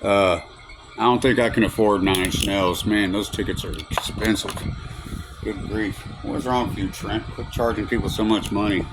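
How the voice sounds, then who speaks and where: A man's voice: fairly low pitch, normal speed, noisy background. A man with a Southern US accent, chatting to viewers in a loose, rambling way with lots of fillers. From Southern United States. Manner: chatty and rambling, with many fillers and a relaxed drawl. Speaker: vlogger. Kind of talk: casual rambling chat to viewers.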